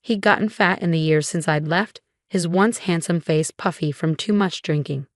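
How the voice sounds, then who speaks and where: Low-voiced woman narrating a revenge story. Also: normal speed, no room sound, studio quality. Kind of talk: scripted first-person story narration.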